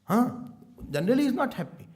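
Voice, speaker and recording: A man giving a sermon as a spiritual teacher, telling stories in an animated way and laughing often. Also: very high voice, quick pace. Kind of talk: sermon with storytelling.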